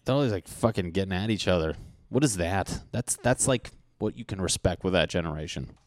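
Low-voiced guy riffing and cursing, acts out little scenes, dead dry mic. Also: lively intonation, fairly quick, a little mellow, no room sound. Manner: rambling, profane, acts out mock dialogue. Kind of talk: casual comedic chat.

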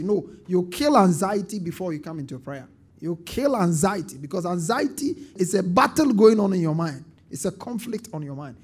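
A man preaching a sermon as pastor, calling on the congregation to answer and building to emphatic bursts. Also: high-pitched. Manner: call-and-response preaching with rising emphatic bursts.

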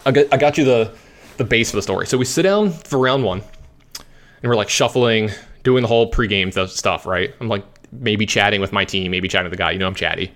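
A man casually telling a long story as a podcast host, animated and rambling, with lots of fillers. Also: on the low side, brisk. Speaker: competitive card game player.

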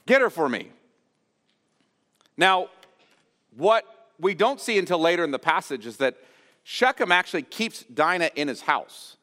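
A man preaching an expository sermon as pastor, earnest and explanatory, often pausing to restate a phrase. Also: fairly high pitch, lively intonation, sharp tone, long reverb tail. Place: church sanctuary.

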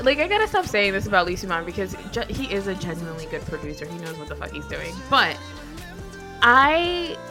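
A woman co-hosting a casual fan chat, talking in an animated, emphatic way. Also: mid-range voice. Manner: animated, emphatic, playfully defensive. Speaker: podcast co-host.

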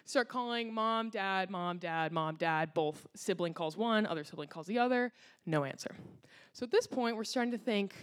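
A young woman from the United States tells a personal story to a live audience on stage. She talks in a chatty, rambling way, full of "like"s and quick asides. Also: medium pitch. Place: live storytelling event in a hall.

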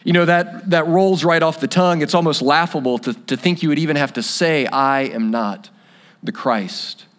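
A man preaching a sermon in an earnest, reflective way, letting key lines fall soft and quiet. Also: on the high side, steady tone, fairly quick, few pauses. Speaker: pastor.

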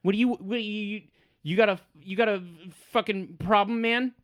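A man voicing a hot-tempered drunk male halfling who swears and shouts. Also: high voice, steady tone, fairly quick, pitched above the performer's own voice, close to an everyday voice. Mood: angry.

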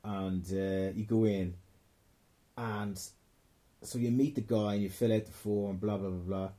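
A man's voice: fairly low pitch, steady tone, a little slow, warm tone. A young man with a Dublin accent, a stand-up comedian telling a rambling, profane story in casual chat, often cutting himself off mid-sentence. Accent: Irish, Dublin. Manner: rambling, profane, self-interrupting.

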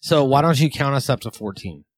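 A man with a New Zealand accent trades joking banter as a podcast co-host. His voice sits at a middle pitch. The sound is dry and close, with no room echo. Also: expressive, a little fast, breathy edge. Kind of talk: casual chat.

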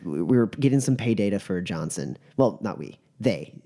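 A man voicing an anxious dwarf woman fixer who talks in halting bursts. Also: fairly low pitch, expressive, dark tone. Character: worried dwarf woman fixer, edgy and pacing.

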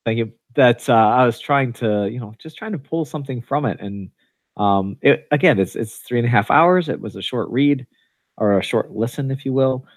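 A man's voice: medium pitch, lively intonation, moderate pace, no echo. A man co-hosting a podcast, talking in a casual, rambling way with many fillers and restarts. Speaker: podcast co-host. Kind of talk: casual chat.

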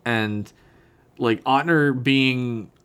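A man's voice: mid-range voice, drawn-out words, a bit bright, smooth. A man co-hosting a casual podcast, crudely joking as he recaps an episode and acts out the characters' lines. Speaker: podcast co-host. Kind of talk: casual comedic recap chat.

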